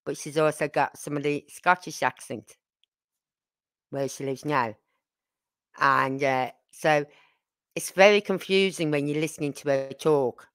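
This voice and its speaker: Her voice is deep, steady and smooth, unhurried with long pauses, recorded with no room sound. This older woman hosts a laid-back livestream, meandering through family tales, often going off on asides and asking viewers tag questions directly.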